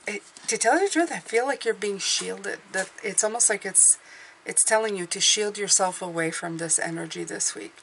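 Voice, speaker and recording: A woman's voice: on the low side, fairly bright tone, a little hiss or hum. A woman giving an intuitive tarot reading, speaking in a meandering, hesitant way as she thinks aloud. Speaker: tarot reader.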